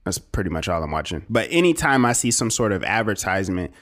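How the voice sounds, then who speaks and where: A man's voice: low voice, very animated, quick pace, fairly bright tone. Laid-back, rambling male podcast co-host. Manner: laid-back, rambling, frequent laughs and fillers. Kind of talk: casual chat.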